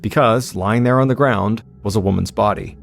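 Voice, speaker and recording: A man narrating a true-crime story in a steady, suspenseful scripted style as podcast host. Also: fairly low pitch, normal speed, vocal fry, soft background music.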